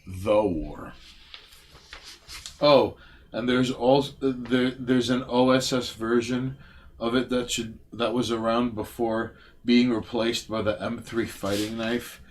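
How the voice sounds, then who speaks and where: A man co-hosting a casual late-night stream, reading facts aloud with profanity and loud outbursts. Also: mid-range voice, steady tone, slow, a little hiss or hum. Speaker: podcast co-host.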